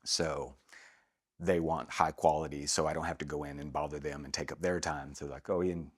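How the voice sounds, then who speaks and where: Deep-voiced man telling stories. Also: normal speed, husky. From Atlanta, Georgia, USA. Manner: relaxed storytelling, laughs easily. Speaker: guest, voice actor. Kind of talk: casual interview.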